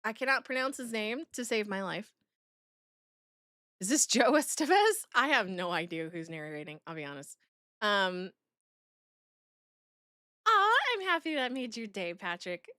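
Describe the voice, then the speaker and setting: Bright, lively woman streamer. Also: mid-range voice, unhurried, long pauses, no room sound, clean studio sound. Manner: chatty, giggly, reads out chat messages. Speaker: streamer reacting to a video. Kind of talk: casual live-stream chat.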